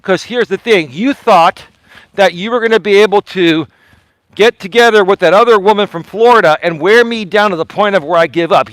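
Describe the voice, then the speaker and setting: A man's voice: sits high, normal speed, a bit bright, no room sound, poor audio. A man hosting a live walking vlog outdoors, speaking emphatically and repeating his points while holding his phone on a selfie stick. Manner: emphatic, repetitive, addressing someone directly. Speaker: vlogger host.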